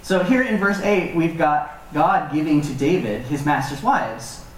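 A man teaching a Bible passage in a relaxed, conversational way with joking asides. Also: a little high, a little slow, a little hiss or hum. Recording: echoey room from far off.

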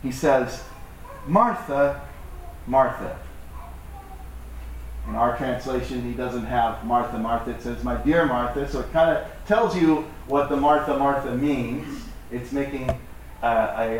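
A man's voice: mid-range voice, steady tone, moderate pace, a little hiss or hum. A male pastor giving a conversational, joking sermon to his church and acting out voices in the stories he tells. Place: church hall. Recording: echoey hall from far off with faint ambience.

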